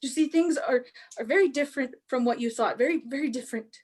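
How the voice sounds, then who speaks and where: A woman reading the part of a gentle older sister, speaking softly and reassuringly. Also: high voice, quick pace. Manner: soft, soothing, reassuring. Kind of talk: staged play reading.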